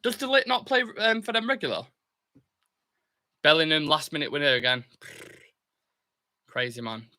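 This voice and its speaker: Young man, very bright voice, chatty live football watchalong host, reads comments, excitable bursts. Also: fairly high pitch, normal speed, long pauses. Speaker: fan channel host.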